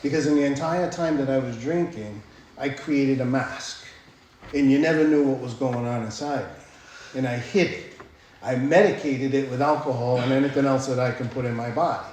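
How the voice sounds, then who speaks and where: A man's voice: mid-range voice, normal speed, darkish tone, a little hiss or hum. A man telling his own recovery story at a speakers' meeting, blunt and profane, often tossing in "right?" as he talks. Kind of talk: personal recovery talk. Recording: very echoey room, faint ambience.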